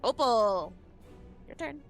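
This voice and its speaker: Woman game master, easygoing, lots of ums, talks slowly. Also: on the high side, soft background music. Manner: relaxed, hesitant with many ums. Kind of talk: narrating a tabletop game on a live stream.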